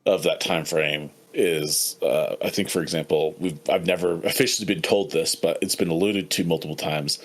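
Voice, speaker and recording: A man from the United States with a very low, deep voice, talking casually as a podcast host. He muses in a halting way, fills pauses often and laughs easily, heard over a remote call. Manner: reflective, halting, many fillers, laughs easily. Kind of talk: casual chat.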